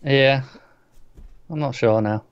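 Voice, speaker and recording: A man talking at a relaxed pace in a casual podcast chat, often stumbling and repeating himself. His voice sits at an average pitch, and the recording is dull and lo-fi. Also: takes it slowly, smooth, dry recording. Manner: relaxed, stammers and repeats words. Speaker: podcast co-host.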